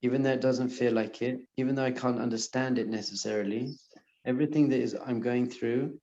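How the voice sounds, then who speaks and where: A man's voice: mid-range voice, fairly even intonation, a little fast. Man, rabbi teaching a class, earnest, encouraging, roomy sound, slightly muffled recording. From lives in Israel. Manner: earnest and encouraging, repeats phrases softly. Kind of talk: lecture to a live class. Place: lecture room with audience.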